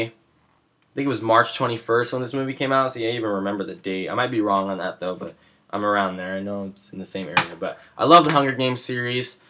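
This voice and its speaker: A man's voice: on the low side, sharp tone. A young man in a casual vlog, talking with rambling enthusiasm about his favorites. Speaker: movie vlogger. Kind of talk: casual chat.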